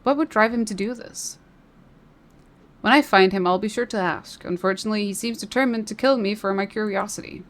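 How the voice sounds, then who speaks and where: A woman's voice: medium pitch, a little fast, close to an everyday voice. Woman reading as a plain-spoken veteran gladiator. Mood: earnest.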